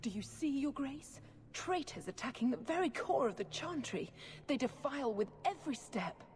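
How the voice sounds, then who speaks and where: An actress playing a fanatical middle-aged priestess in a video game, speaking in a fervent, accusing, sermon-like manner. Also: female voice, high voice, very animated, normal speed, darkish tone. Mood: zealous. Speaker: priestess character. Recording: long reverb with faint noise.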